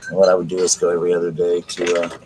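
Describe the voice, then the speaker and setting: Soft-spoken man, very deep. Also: completely flat delivery, noisy background. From South Carolina. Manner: quiet, slow, gentle murmur. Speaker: livestream host. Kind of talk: soft-spoken ASMR reading and chat.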